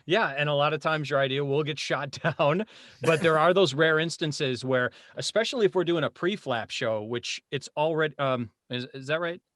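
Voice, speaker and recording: A man in his forties, a voice actor guest chatting casually on a podcast, animated and laughing often. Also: fairly high pitch, normal speed, no echo, studio quality.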